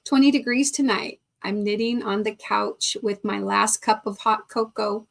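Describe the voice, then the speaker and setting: A woman's voice: mid-range voice, fairly even intonation, a little slow, gravelly. A middle-aged woman hosting a live stream, chatting casually, reading viewer comments aloud and laughing often. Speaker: livestream host.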